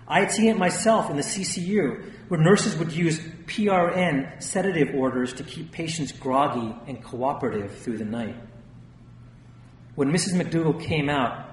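A man reading a first-person memoir aloud with a wry, lightly animated delivery. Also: medium pitch, a little hiss or hum. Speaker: audiobook narrator. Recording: distant, echoey room with long reverb.

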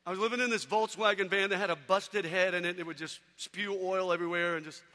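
A man preaching an energetic sermon, telling stories with animated shouts and sudden hushed drops. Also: sits high, fast, big-room sound. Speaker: evangelist speaker.

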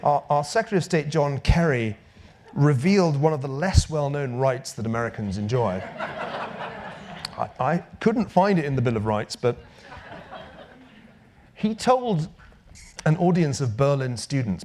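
A man's voice: mid-range voice, measured pace, pauses often, a little hiss or hum. A man giving a public lecture with dry wit, then taking audience questions. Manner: dry wit, lively emphatic delivery.

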